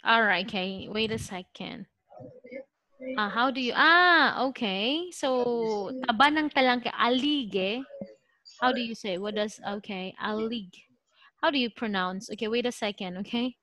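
Filipino lady teacher on a video call, bright highish voice, dry sound, patient, lots of okays. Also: unhurried, no echo. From Philippines. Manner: patient, thinks aloud with many okays. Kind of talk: online English lesson.

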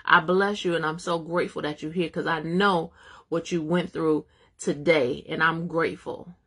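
A woman's voice: sits low, fairly even intonation, normal speed, bright, forceful tone, slightly rough. A woman teaching a live-streamed Bible study, exhorting her viewers, calling out to them by name, speaking.

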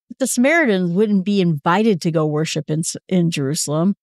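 A woman's voice: lowish voice, expressive, a little fast, hardly any pauses, darkish tone, no echo. Woman Bible teacher, casual and conversational, dry recording. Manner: conversational, quotes figures in everyday speech.

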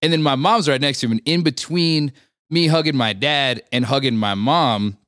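A man's voice: medium pitch, normal speed, a bit bright, no room sound, studio quality. A man guesting on a podcast, telling a story in a laid-back, rambling way with fillers and swearing. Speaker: band member guest. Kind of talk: casual storytelling in interview.

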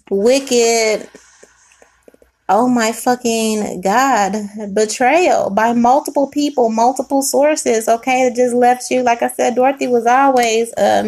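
High-voiced woman giving a tarot reading. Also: darkish tone. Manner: emotional, swearing, talks to the viewer as baby and sweetheart. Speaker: tarot reader.

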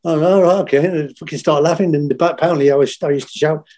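A man's voice: on the high side, racing. Sweary Liverpool veteran in his fifties. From England. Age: 50s. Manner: blunt, swears freely, animated when quoting others. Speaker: interview guest, former Royal Marine and firefighter. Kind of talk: casual storytelling.

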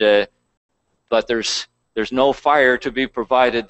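A man's voice: medium pitch, fairly bright tone, no echo, highs cut off. A man pastor preaching a conversational sermon, reading scripture aloud between plain asides.

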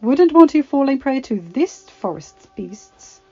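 A woman's voice: high-pitched, big pitch swings, slow, pitched above the performer's own voice, exaggerated voice. Brief: sinister old crone with sugary menace, as a woman reader puts her on, lo-fi with faint music. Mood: sly. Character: strange old woman storyteller, unsettling.

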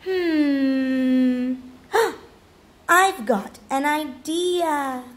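A woman voicing a bossy, dramatic older sister who tells scary tales slowly and ominously in a storybook reading. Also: high-pitched. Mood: scheming.

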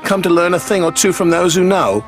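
Man doing a sneaky teasing diesel, high singsong voice, music in the back. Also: animated, a little fast. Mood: oily. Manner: high, mocking sing-song. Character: sly teasing diesel engine, male. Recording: music playing behind.

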